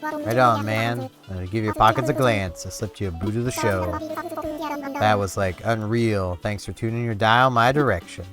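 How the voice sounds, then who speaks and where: A man voicing a laid-back male dog musician with a mellow, slangy cool-guy delivery. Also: fairly low pitch, moderate pace, over music, natural voice.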